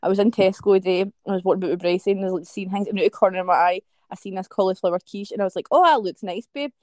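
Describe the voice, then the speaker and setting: A woman with a West Coast Scottish accent, co-hosting a podcast and telling sweary, animated stories in casual chat. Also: medium pitch, rapid-fire, no echo, clean studio sound. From Scotland. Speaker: podcast co-host.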